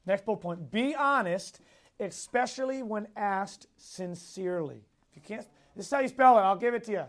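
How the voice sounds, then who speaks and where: At normal speed and in an animated, high-pitched voice, a man teaches a Sunday school lesson as a youth Bible teacher. He stresses key points by repeating them, asks his class questions, and chuckles often while telling stories about himself.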